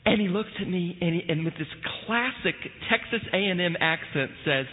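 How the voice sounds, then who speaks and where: A male pastor preaching a sermon in a church, telling a story with lively energy and the occasional "uh.". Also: high voice, moderate pace. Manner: storytelling, animated, with frequent filler "uh". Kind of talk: sermon with scripture reading. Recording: tinny phone-like sound in a reverberant hall.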